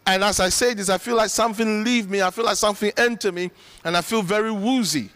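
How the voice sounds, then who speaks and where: A man's voice: high-pitched, fast talker, fairly bright tone. A middle-aged man preaching a sermon in an earnest, conversational way, with emphatic bursts. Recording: long reverb of a large hall.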